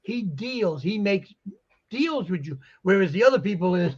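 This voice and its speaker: The recording is muffled and lo-fi as a poster dealer, a guest, chats casually in a high, husky voice with lively intonation at a moderate pace. He rambles on and acts out the exchanges he quotes.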